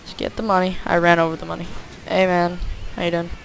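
A man's voice: high voice, monotone, fast, gravelly, rough recording. A young man giving rambling, jokey commentary over a game he is playing, with "like" in nearly every sentence. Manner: rambling, jokey, says "like" a lot. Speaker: gameplay commentator. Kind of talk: casual gameplay commentary. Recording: faint hiss.

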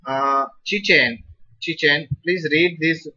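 Slow, bright-voiced Indian English teacher. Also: male voice, a little high. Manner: patient and encouraging, praises students. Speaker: Sanskrit teacher. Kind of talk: live online class teaching. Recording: dull lo-fi recording.

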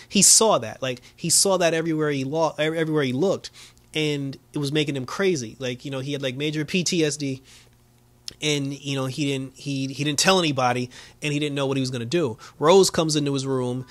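A man talks through a TV episode in a loose, unscripted recap, full of fillers and the odd laugh. His voice sits at an ordinary middle pitch. The sound is close and dry, with no room echo. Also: fairly even intonation, brisk. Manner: loose, lots of fillers, laughs often, acts out quotes. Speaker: show reviewer.

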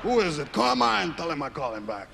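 A man's voice: high voice, unhurried, gravelly, long reverb tail, a loud crowd, heavy background noise. A man doing a boisterous Italian-American mobster boss in a stand-up bit.

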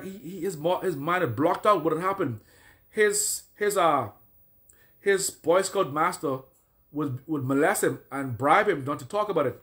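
A man's voice: a little high, fairly bright tone. A man preaching a deliverance sermon as a prophet, listing troubles in repeated phrases and then commanding prayers. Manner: repetitive, declaring and commanding prayers.

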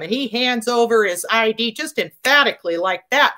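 A woman co-hosting a veterans show, telling stories in an animated, enthusiastic casual way. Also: fairly high pitch, normal speed, few pauses. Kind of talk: casual chat, storytelling.

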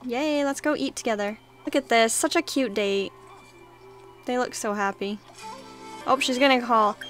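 A woman's voice: fairly high pitch, moderate pace, long pauses, a bit bright, soft background music. A young woman casually commenting on her life-simulation game, chatting along and voicing her characters' lines in a playful running commentary. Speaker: gaming YouTuber. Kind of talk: casual let's-play commentary.

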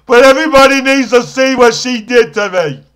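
A man doing whiny, high-voiced Junebug McGee. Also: normal speed, a bit bright, clear, resonant tone. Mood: lamenting. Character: battered, self-pitying man who scavenges cans. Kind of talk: comic character monologue to camera.

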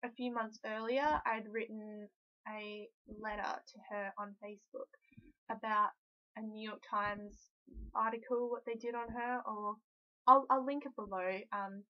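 Excitable young woman vlogger. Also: on the high side, unhurried. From Australia. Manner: excitable, rambling, many fillers. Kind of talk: casual storytelling vlog. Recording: dull lo-fi recording.

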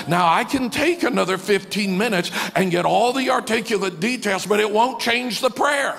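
A male pastor preaching in a large church, his high voice carrying a gravelly edge. He drops to near-hushed tones, then climbs to shouts, and acts out the voices he quotes. The sound rings with a long hall echo. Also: unhurried. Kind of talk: sermon.

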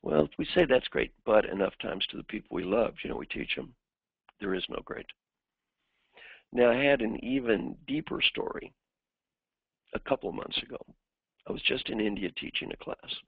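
Male executive coach lecturing with stories; husky voice, dry close sound. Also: medium pitch, moderate pace, long pauses, no room sound. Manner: animated storyteller who acts out the people in his stories. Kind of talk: lecture with anecdotes. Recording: dry, phone-like narrowband sound.

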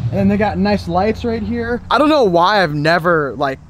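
A young man chatting excitedly to viewers while fishing and cleaning fish outdoors, calling them folks and boys. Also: high voice, normal speed, noisy background. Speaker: fishing vlogger. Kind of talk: casual outdoor vlog tutorial.

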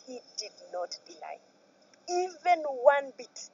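A Kenyan woman telling a painful personal story as a guest, swinging from soft near-whispers to loud outbursts. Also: high-pitched, big pitch swings, slow, far from the mic, dull audio.

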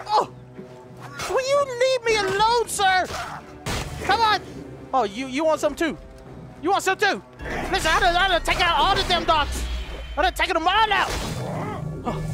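A man with a high, light voice narrates his game as he plays, breaking into loud outbursts and giggles. His delivery is unhurried between the bursts, and game music runs underneath. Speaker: gaming YouTuber. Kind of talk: let's play commentary.

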